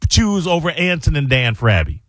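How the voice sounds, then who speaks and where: A man's voice: a little high, very animated, brisk, a bit bright, dry recording, studio quality. A man hosting a radio show, running teasing banter and laughing often. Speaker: radio host.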